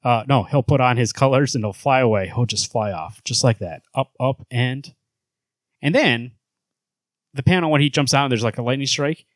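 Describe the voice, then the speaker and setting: A man's voice: mid-range voice, normal speed, no room sound. A man co-hosting a casual comic book podcast, swearing freely and acting out lines from the comic. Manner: profane, reads and acts out comic dialogue. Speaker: podcast co-host.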